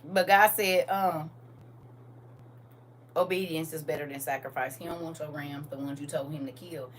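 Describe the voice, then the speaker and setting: A middle-aged woman with a low, steady voice hosts a TikTok live stream at a normal pace, telling blunt stories and scolding in casual talk. She sits distant from the mic, with faint noise in the background.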